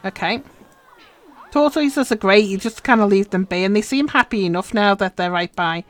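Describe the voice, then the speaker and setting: A woman's voice: mid-range voice, moderate pace. Woman, game streamer, chatty self-talk, mid voice. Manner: chatty, muttering instructions to herself while playing. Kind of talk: casual live stream commentary.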